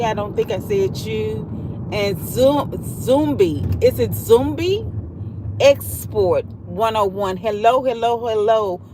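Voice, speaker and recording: A woman hosting a casual livestream from her car while she drives, rambling and repeating herself in a heartfelt way. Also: mid-range voice. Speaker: livestream host. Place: in a car on the road. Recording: loud road and traffic noise.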